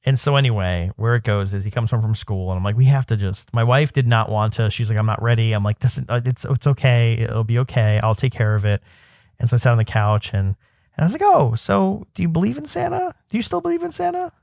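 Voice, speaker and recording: A man's voice: fairly low pitch, steady tone, fast, a little mellow, no echo, studio quality. A man in his thirties co-hosting a podcast, telling a long personal story in a rambling casual way with many fillers and restarts. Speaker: podcast co-host. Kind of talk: casual chat.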